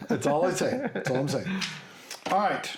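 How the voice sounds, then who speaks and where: A man from north central Kansas co-hosting a podcast, explaining in a lively, joking manner. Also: fairly high pitch, moderate pace, noisy background. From north central Kansas, USA. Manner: animated, explains with asides and jokes. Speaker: podcast co-host. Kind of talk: casual chat.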